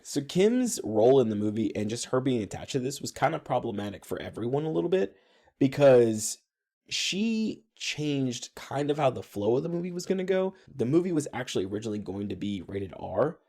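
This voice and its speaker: A young man co-hosting a podcast, chatting casually and laying out facts in a relaxed way. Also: medium pitch, a little fast. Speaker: podcast co-host. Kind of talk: casual chat.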